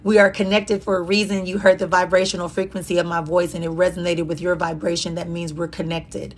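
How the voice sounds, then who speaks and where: A woman's voice: on the low side, level tone, a little fast. A woman hosting a live-streamed motivational chat, speaking in repetitive affirmations with a preacher-like cadence. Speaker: host and life coach. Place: indoor room at a conference venue.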